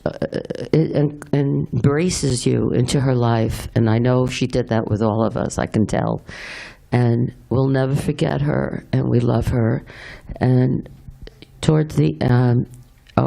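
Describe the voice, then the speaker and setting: A middle-aged woman with a warm bass voice and vocal fry gives a heartfelt memorial speech for a friend. She speaks haltingly and tenderly, with many pauses and restarts.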